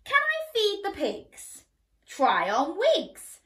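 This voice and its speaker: A woman doing a high, pleading young princess. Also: huge pitch swings, slow, a bit bright, exaggerated voice.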